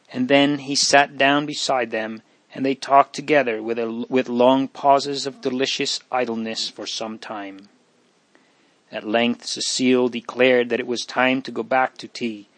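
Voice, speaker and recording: A man narrating a storybook in a steady, even reading manner. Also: medium pitch, dry recording. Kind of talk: audiobook reading.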